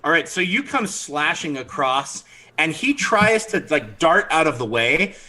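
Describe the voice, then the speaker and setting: A man narrating as dungeon master of a tabletop game, animated and throwing in character voices. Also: a little high, measured pace, rough recording.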